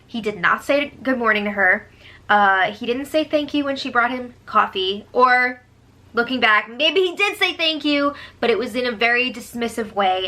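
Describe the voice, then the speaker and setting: A woman's voice: high-pitched, bright, forceful tone. A woman giving a gossipy, sarcastic casual recap of a reality show, breaking into disbelieving exclamations. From United States.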